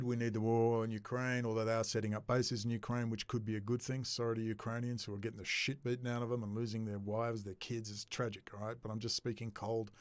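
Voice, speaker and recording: Man, mid-pitch, angry video-blog rant, dry close sound. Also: no echo. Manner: agitated, swearing, restless. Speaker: video blogger. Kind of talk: ranting monologue to camera.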